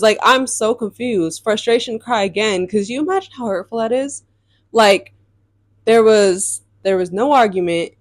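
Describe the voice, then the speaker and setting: A young woman telling viewers a storytime about her dating life in a chatty, animated way. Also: fairly high pitch, measured pace, dry recording. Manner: chatty, addresses viewers as y'all, animated retelling. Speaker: storytime vlogger. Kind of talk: casual storytime vlog.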